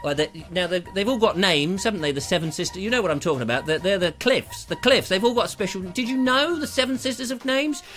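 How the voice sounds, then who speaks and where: A man's voice: high-pitched, expressive, fast, few pauses, a bit bright, soft background music. A man hosting a live online show in a small studio, rambling and joking on a lapel mic. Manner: jokey, playful, digressive. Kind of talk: rambling live-stream chat.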